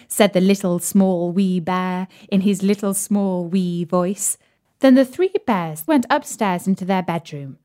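A woman reading a children's fairy tale aloud in a measured, gently expressive way. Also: on the low side. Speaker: storyteller. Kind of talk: storybook read-aloud.

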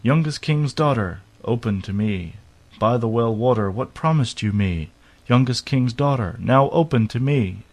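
In a storybook reading, a man voices a small, insistent male frog, coaxing, wheedling, and pleading in a raised voice. His mid-range voice has lively intonation and a moderate pace, close to how he'd speak every day.

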